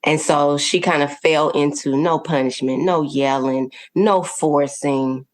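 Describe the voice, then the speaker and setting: A woman with a low voice, talking as a podcast guest. She tells her story earnestly and warmly, laughing now and then and tossing in quick "okay?" and "right?" check-ins. Her delivery stays conversational and open. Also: steady tone. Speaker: podcast guest, parenting coach.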